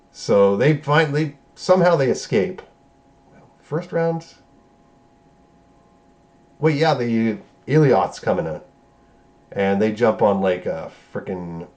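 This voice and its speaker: A man reviews a movie, casually and profanely recapping scenes in a rambling retelling and correcting himself along the way. His voice is fairly low in pitch and a little mellow.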